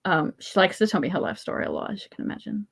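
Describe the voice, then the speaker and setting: Woman, casual chat, lowish voice, storytelling, laughs a lot. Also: huge pitch swings, racing, creaky, breathy edge. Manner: chatty, storytelling, laughs often. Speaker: podcast host.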